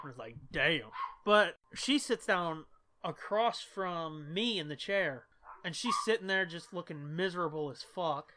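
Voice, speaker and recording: Bright-sounding guy rambling a swear-filled story on a podcast. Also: fairly high pitch, a little hiss or hum. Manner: profane, laughing, rambling. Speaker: podcast co-host. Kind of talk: casual storytelling chat.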